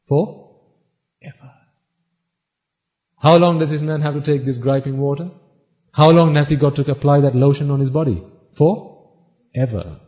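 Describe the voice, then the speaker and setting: A man giving a Buddhist sermon, asking the audience questions and answering them himself, now and then reciting Pali phrases quickly. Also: mid-range voice. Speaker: Buddhist preacher. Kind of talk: dharma talk sermon. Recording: dull lo-fi recording.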